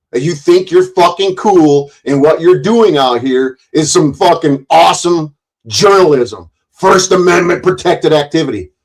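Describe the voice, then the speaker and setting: Profane, confrontational male streamer ranting. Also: a little high. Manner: profane, confrontational, stumbles and repeats words. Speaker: livestream commentator. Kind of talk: angry ranting commentary. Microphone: streaming mic.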